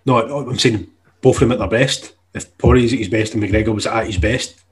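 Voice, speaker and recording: A man's voice: fairly low pitch, fairly quick. A young man, chatting casually and swearing now and then on a podcast. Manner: laid-back, swears casually. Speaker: podcast co-host. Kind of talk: casual chat.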